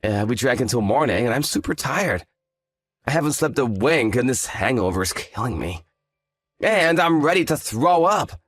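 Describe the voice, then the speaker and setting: A man's voice: mid-range voice, animated, normal speed, fairly bright tone. A man voicing an arrogant, hungover young fiancé who talks in a lazy, condescending, sarcastic way. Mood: groggy. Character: arrogant hungover male fiancé, dismissive and smug. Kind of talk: scripted story drama.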